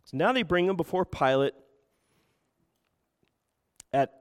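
A man's voice: high voice, animated, slow. A man preaching a sermon as pastor, asking the room rhetorical questions and acting out quoted voices. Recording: reverberant hall.

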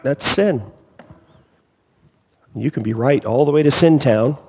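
A man preaching a sermon as a pastor, animated, with wry asides and acted-out quotes. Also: medium pitch, unhurried, slight background noise. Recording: long hall reverb.

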